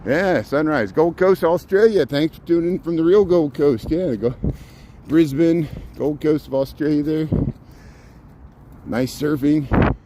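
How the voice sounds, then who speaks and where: A man's voice: fairly high pitch, a little slow, noisy background. Man rambling live on a city walk. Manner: rambling, restarts and repeats words. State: slightly out of breath from walking. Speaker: walking livestream host. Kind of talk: casual live walking commentary. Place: outdoors in a city park at dawn.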